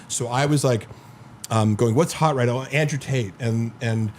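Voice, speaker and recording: A man in casual podcast chat, telling a long story and stringing it together with 'like' and curses. His voice sits at an ordinary pitch. A faint noise runs under the recording. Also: normal speed. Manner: rambling storyteller, heavy filler 'like', profane. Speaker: podcast host.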